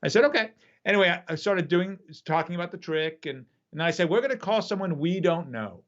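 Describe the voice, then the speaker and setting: An enthusiastic male storyteller with a fairly high voice. He talks over a video call from his home studio, and the sound comes through dull and lo-fi. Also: lively intonation, fairly quick, a bit bright. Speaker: magician and app creator. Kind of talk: casual storytelling.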